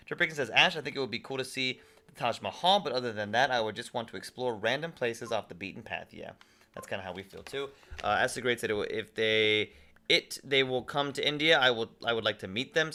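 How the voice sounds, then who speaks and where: A man's voice: mid-range voice, a little fast, pushed and bright. A man hosting a casual gaming livestream, reading viewer chat messages aloud and chatting back. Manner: reads viewer chat aloud and replies conversationally. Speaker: livestream host.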